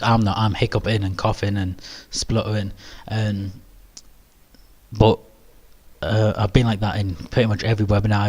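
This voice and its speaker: British male webinar host, lowish flat voice, halting and self-effacing, lots of ums. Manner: hesitant, many ums and restarts; modest, self-deprecating. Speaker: webinar presenter. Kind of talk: live webinar Q&A.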